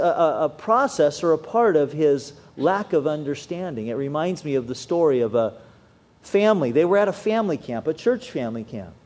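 Animated preaching man with a lively pitch. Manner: animated preaching with wide swings in pitch and loudness. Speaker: pastor. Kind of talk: sermon.

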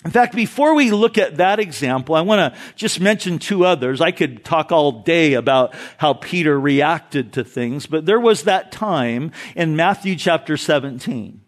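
A man preaching an expository sermon, retelling Bible stories in an animated, casual way. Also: fairly high pitch, normal speed, few pauses. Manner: animated storytelling, paraphrases Bible figures casually. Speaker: pastor.

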